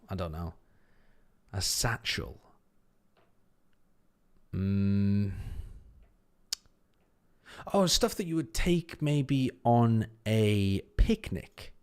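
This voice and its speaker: On a relaxed livestream, a man of medium pitch and darkish tone reasons aloud over a word puzzle. He keeps murmuring words to himself and drops casual swear words along the way.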